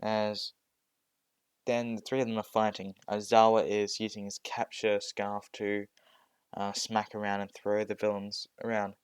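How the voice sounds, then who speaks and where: Young man narrating hesitantly, slow. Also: lowish voice, completely flat delivery, smooth, dry recording. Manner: hesitant, many restarts and fillers. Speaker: storyteller. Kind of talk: improvised fan-fiction narration.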